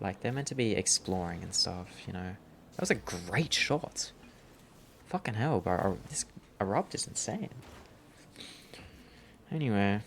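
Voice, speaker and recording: A man's voice: on the low side, a little hiss or hum. A young man rambling through a story while gaming, swearing often and calling the listener bro. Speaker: gaming vlogger.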